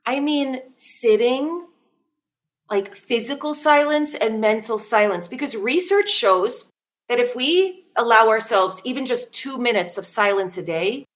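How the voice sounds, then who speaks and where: A woman in her forties speaking as a wellness guest on a podcast, animated and laughing readily, often asking listeners questions. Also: a little high. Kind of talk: conversational podcast talk.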